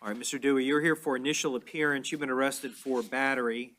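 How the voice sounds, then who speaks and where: Measured male judge in court. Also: mid-range voice, fairly even intonation, a bit bright. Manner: measured, explains orders plainly. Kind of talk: courtroom proceedings.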